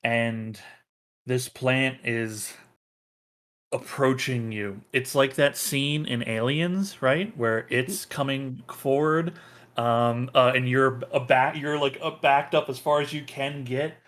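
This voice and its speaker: Slow, ummy guy running a tabletop game, mid pitch. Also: a bit bright. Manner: slow, hesitant, many fillers. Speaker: game master.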